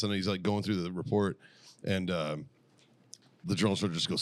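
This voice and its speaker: A man's voice: sits low, fast, dry recording. A man co-hosting a podcast, telling stories in laid-back casual chat and swearing freely. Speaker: podcast co-host.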